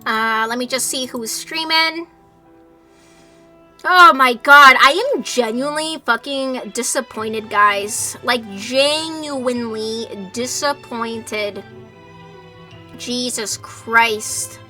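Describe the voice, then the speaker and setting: High, bright-voiced exasperated woman streamer. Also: slow, faint music behind. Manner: animated, exasperated, swears a lot. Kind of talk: casual livestream chat over a game.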